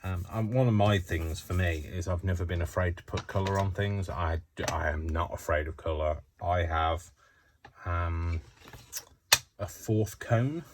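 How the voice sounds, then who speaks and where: A man's voice: low voice, measured pace, noisy background. A man hosting a casual craft tutorial, chatting and rambling to himself as he works. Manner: chatty, rambling, self-talking while working.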